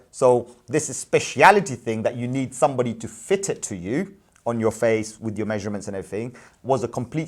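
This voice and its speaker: A man who runs a business, talking casually with a friend and pressing his points hard with rhetorical questions. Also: mid-range voice. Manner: animated, emphatic, repeats points with rhetorical questions. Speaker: businessman and parent, show host. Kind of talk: casual discussion.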